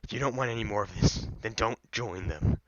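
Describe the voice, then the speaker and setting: A man voicing a cornered male demon servant who stammers and pleads in a strained, gravelly voice. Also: fairly low pitch, a little fast, no room sound, close to an everyday voice. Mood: pleading. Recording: slightly dull lo-fi mic, dry.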